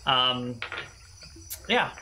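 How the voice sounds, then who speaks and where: A woman's voice: rumbling low, lively intonation, extremely slow, bright, forceful tone, slight background noise, low-quality recording. A woman acting as game master, describing a small town in a dry, matter-of-fact way. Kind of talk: narrating a tabletop game.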